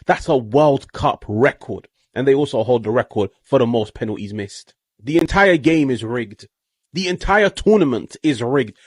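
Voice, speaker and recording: A man's voice: mid-range voice, lively intonation, normal speed, slightly rough, dry recording, studio quality. A man giving a heated, combative rant about football, firing off rhetorical questions. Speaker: football commentator on video.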